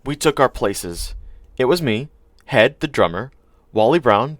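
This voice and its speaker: A man's voice: mid-range voice, lively intonation, unhurried, no echo. A man narrating a first-person audiobook in a dry, wry storytelling manner.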